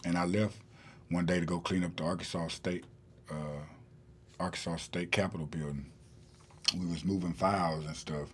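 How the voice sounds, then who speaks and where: A man's voice: low-pitched, little pitch movement, normal speed, pauses often, slight background noise. A man, a podcast guest telling a long story in a rambling way with many fillers and restarts. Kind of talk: casual storytelling in an interview.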